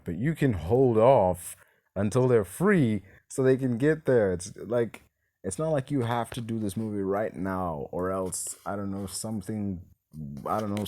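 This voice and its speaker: A man's voice: sits low, darkish tone. A man giving a casual, rambling film review, exasperated and swearing freely.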